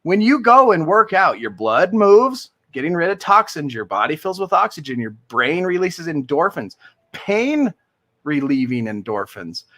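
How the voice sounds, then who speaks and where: A man with a bright, ringing, fairly high voice hosts a relaxed livestream for a recovery group. He talks with earnest enthusiasm and keeps it light with the odd joke. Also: a little slow. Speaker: livestream host of a recovery community. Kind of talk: casual livestream chat.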